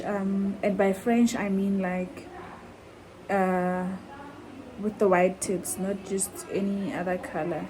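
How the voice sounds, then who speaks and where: A woman's voice: mid-range voice, fairly even intonation, takes it slowly, a little mellow, a little hiss or hum, rough recording. A woman chatting in a heartfelt, chatty way to her vlog viewers, calling them guys. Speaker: vlogger. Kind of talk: casual vlog chat.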